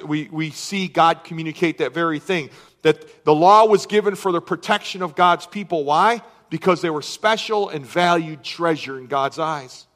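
A middle-aged male pastor with a high voice delivers a sermon. He reads scripture aloud with earnest emphasis. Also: a bit bright.

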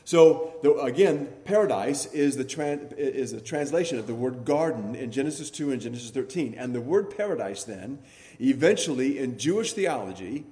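A man as pastor, preaching an expository sermon in a measured teaching manner, stressing key words and pausing with fillers. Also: fairly high pitch, dark tone.

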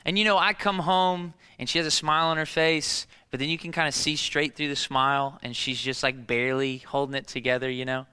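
A male pastor in his thirties delivers a sermon with a bright, forceful, slightly high voice. He hammers on key phrases and keeps asking rhetorical questions. The sound carries a long hall reverb. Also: fairly even intonation, a little fast, hardly any pauses, clean tone.

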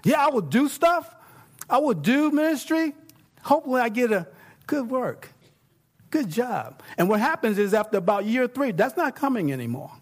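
A middle-aged man preaching a sermon as pastor, talking conversationally and swinging between quiet, hushed points and excited bursts. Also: extremely high pitch, normal speed.

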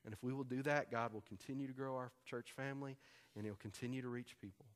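A man's voice: medium pitch, fairly even intonation, fast talker. A man preaching a sermon as a pastor, conversational and emphatic, repeating key lines for weight.

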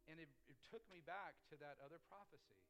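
A man's voice: on the high side, quick pace, a bit bright, rough recording. A man preaching a sermon as a pastor, telling stories in a conversational way with frequent restarts.

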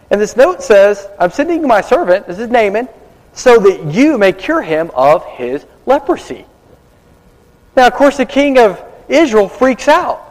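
Long hall reverb surrounds this baptism-service sermon from a male pastor whose voice is high and slightly mellow. He dramatizes his stories and lowers to whispers for the asides.

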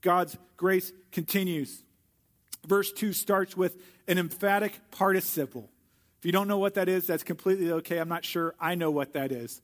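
Male preacher, fairly high voice, earnest sermon delivery with slow, stressed repetitions. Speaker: pastor.

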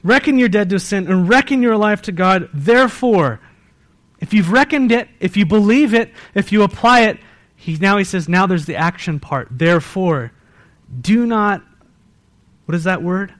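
A man with a high voice delivers a sermon as pastor of his church. His delivery swings from loud, rising bursts to quiet, hushed emphasis. He leans on rhetorical questions aimed straight at his listeners. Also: expressive, normal speed. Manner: pleads with rhetorical questions to the congregation. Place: church service.

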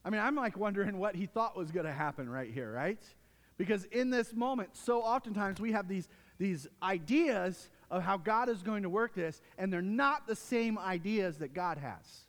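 A man's voice: sits high, animated, moderate pace, in a large hall. A man preaching a sermon as the pastor, telling stories animatedly and with emphasis.

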